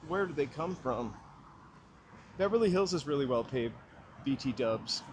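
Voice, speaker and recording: A man's voice: mid-range voice, lively intonation, moderate pace, noisy background. Chatty man on a street walk. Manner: rambling, chatty and joking. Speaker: walking livestream host. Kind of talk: casual chat while walking. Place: outdoors on a city street. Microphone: small mic clipped to hat brim.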